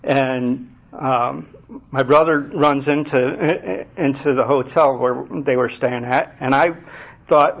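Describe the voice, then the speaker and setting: A middle-aged man giving a personal testimony to a group, halting, with many fillers and restarts. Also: medium pitch, steady tone. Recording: muffled lo-fi recording.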